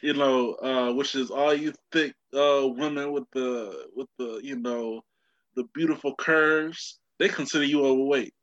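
A man's voice: medium pitch, fairly even intonation, unhurried, a bit bright, no echo, dull audio. A man co-hosting a podcast in casual chat, joking and laid-back. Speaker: podcast co-host.

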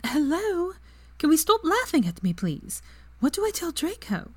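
A woman's voice: high-pitched, sing-song, a little slow, darkish tone, breathy edge, pitched above the performer's own voice, exaggerated voice. A woman reading aloud and voicing a flustered young witch student with anxious questions.

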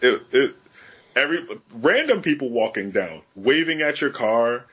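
A man co-hosting a podcast tells stories in a candid, profane, animated way during casual chat. His voice is mid-range and slightly rough, moving at a moderate pace, with the highs cut off.

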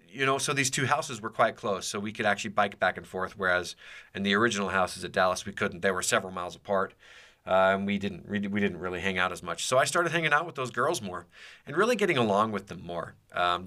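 On the low side but pushed and bright, this podcast host's voice carries a rambling, casual personal story. He leans on many fillers and keeps restarting his sentences.

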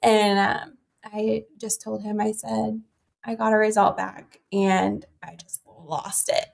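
A woman's voice: mid-range voice, fairly even intonation, moderate pace, gravelly, darkish tone. A young woman, a podcast guest, telling a personal story in a chatty way, with many fillers and quoted dialogue. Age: young adult. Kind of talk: conversational storytelling.

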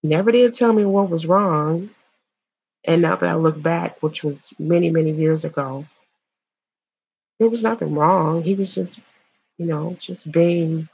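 A woman from Illinois giving earnest personal testimony, halting and repeating herself as she speaks to viewers. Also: sits low, vocal fry, slightly rough, no echo. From Illinois, USA. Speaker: survivor sharing her story.

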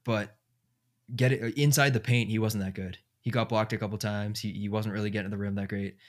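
Guy hosting a sports pod, kinda low voice, rambles a lot with ums. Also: steady tone, fairly quick. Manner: rambling, thinks aloud with fillers. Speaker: podcast host. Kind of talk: casual sports chat.

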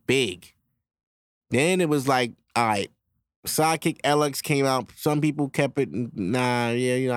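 A man hosts a podcast as a loose, profane solo monologue, acting out quick back-and-forth voices. His voice is medium in pitch with a fairly bright tone, and there's no room sound.

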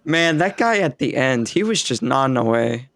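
A man's voice: mid-range voice, animated, normal speed, fairly bright tone, no room sound. A man co-hosting a casual movie podcast, making brief, offhand remarks. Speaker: podcast co-host. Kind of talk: casual movie review chat.

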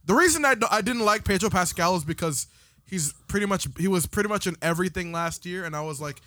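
High-voiced, lively podcast guy. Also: fast talker, no echo, studio quality. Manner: joking, profane, laughs a lot. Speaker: podcast co-host. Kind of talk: casual chat.

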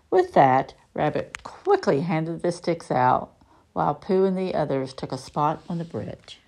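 Woman reading a kids' book aloud: slow, lively, creaky. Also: sits low. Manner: expressive. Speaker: storybook reader.

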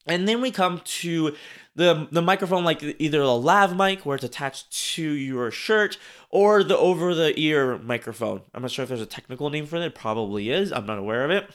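A man's voice: a little high, expressive, moderate pace, fairly bright tone, clean tone. A man hosting an instructional podcast, talking casually and repeating phrases for emphasis as he demonstrates speaking techniques. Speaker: podcast host and speaking coach.

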